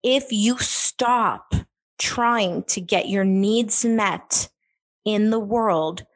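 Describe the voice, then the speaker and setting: A woman's voice: mid-range voice, very slow. A woman co-hosting a faith podcast, speaking emphatically and encouragingly with rhetorical questions. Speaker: podcast co-host.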